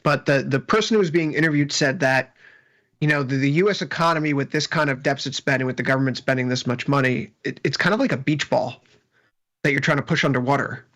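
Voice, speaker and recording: A man's voice: mid-range voice, fast talker, fairly bright tone. A man commenting on the markets in a casual, rambling chat with wry joking asides.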